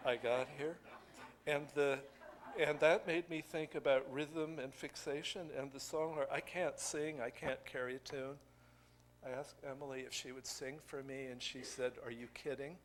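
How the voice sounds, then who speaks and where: An older man giving a poetry craft lecture to an audience, musing and digressive, thinking aloud with pauses. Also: medium pitch, slight background noise.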